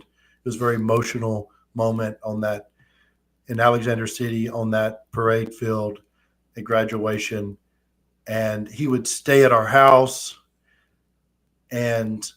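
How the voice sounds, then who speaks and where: A man in his thirties hosts a casual live-streamed chat. He tells his stories in quick, animated bursts, and his voice sits at an everyday middle pitch. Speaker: host.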